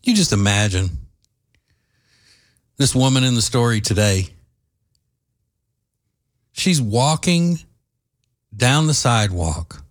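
A man hosting an opinion commentary monologue, forceful in his views yet halting, with many fillers and some dry sarcasm. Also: mid-range voice, lively intonation. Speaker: host.

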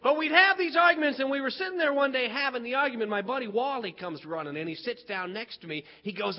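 Comic storyteller, a man from West Virginia, very high voice, animated delivery. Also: quick pace, few pauses. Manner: animated, acts out voices, builds to punchlines. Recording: dull lo-fi recording.

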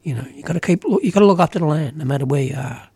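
Gravelly, husky Australian man. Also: on the high side, lively intonation, rapid-fire, warm tone, no echo. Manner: earnest, emphatic, many "you know" fillers. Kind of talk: casual political conversation.

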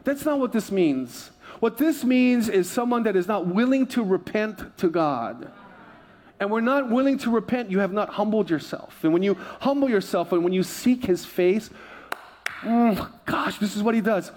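A man's voice: sits high, expressive, moderate pace, a little mellow. Joking man preaching a sermon. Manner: chatty, joking, repeats himself. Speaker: pastor.

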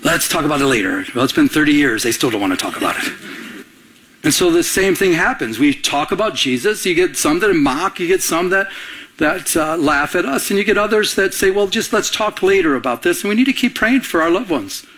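Middle-aged preacher with a higher voice. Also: male voice, expressive, fairly quick, a bit bright. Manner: conversational preaching, calls on the congregation to answer; fires off rhetorical questions. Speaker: pastor. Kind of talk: sermon.

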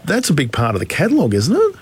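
A man's voice: a little high, wildly swooping pitch, very fast, slightly rough. A man hosting a radio chat, asking questions and teasing his guest. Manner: jokey, teasing interviewer. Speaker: radio host.

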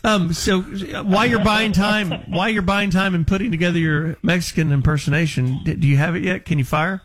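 A man hosting a radio show, telling a story to a caller in quick, chatty talk. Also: high-pitched, fairly even intonation, a bit bright. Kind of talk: casual radio chat.

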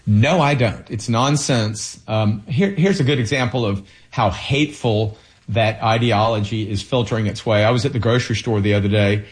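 Male political candidate, lowish voice; earnest, halting delivery full of fillers. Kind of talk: interview answers.

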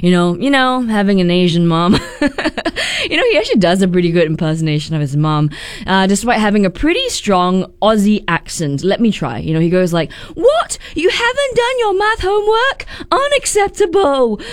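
A woman's voice: lowish voice, lively intonation, fairly quick, clean tone, no room sound. A woman radio DJ from Singapore chatting casually on air, laughing as she tells a family story. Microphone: studio mic.

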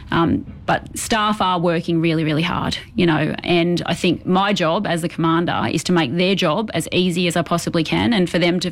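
A woman with an Australian accent, a police commander answering interview questions in an earnest, measured way with many ums. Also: fairly low pitch. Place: outdoors at a police station.

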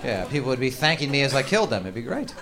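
A man's voice: mid-range voice, sing-song, racing, over a noisy crowd, very noisy. A middle-aged man doing profane, ranting, self-mocking stand-up comedy in a live club set. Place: comedy stage.

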